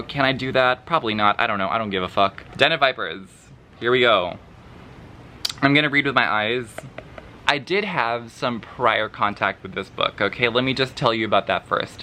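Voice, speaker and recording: A man's voice: mid-range voice, bright, forceful tone, slight background noise. A man vlogging a book review, sarcastic and dramatic, swearing freely and laughing between remarks. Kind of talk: casual vlog review.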